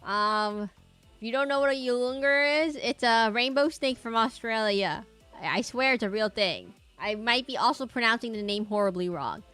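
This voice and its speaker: A woman VTuber streamer in casual chat while she draws, rambling and breaking off her own sentences, sometimes dropping to a quiet mutter. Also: fairly high pitch, animated, normal speed, faint music behind. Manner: rambling and self-interrupting, often laughing.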